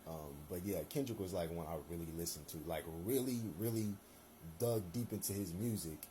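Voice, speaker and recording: A man's voice: deep voice, a little fast, mellow, a little hiss or hum. A young man giving his opinions in a loose, rambling monologue, full of slang and fillers. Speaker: solo commentator.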